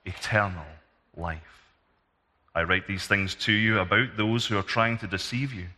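Scottish male scripture reader, low crisp voice, long church reverb, measured delivery. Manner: steady, measured reading. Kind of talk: reading scripture aloud.

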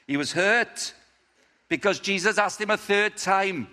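In a meeting room or church one evening, a man with a high, sharp-toned voice preaches unhurriedly to a gathered audience. He tells a story with animation and puts questions to his listeners, and the recording carries the echo of a reverberant hall.

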